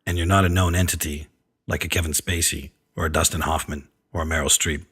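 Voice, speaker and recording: A man's voice: a bass voice, fairly even intonation, brisk, a bit bright, husky. A man who directs films hosts a radio advice segment for actors, talking frankly and wryly. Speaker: film director and acting coach, radio segment host.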